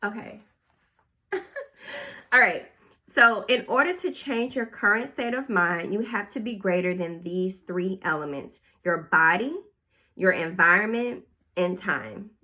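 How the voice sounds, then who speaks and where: A woman hosting a casual solo podcast, reading passages aloud and reflecting on them in an expressive, conversational way. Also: mid-range voice, slow. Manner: expressive, reads passages aloud then comments, faith-inflected asides. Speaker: podcast host.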